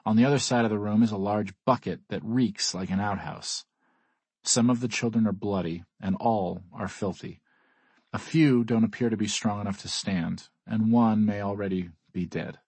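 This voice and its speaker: Low husky guy reading a story out loud, steady and serious, dry close mic. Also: normal speed, no room sound. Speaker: audiobook narrator. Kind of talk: first-person audiobook narration.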